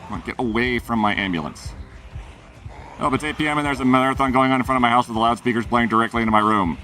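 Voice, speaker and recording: A man's voice: medium pitch, quick pace, sharp tone, distant mic, slight background noise. A man streaming a game, chatting and joking with his chat as he plays. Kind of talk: casual gameplay commentary. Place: room at home.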